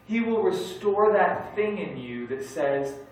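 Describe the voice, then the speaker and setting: A man preaching a sermon as pastor, candid and self-deprecating with jokes, swinging between loud emphasis and quiet asides. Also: sits high, animated, slow pace. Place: large church sanctuary. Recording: echoey church hall from far off.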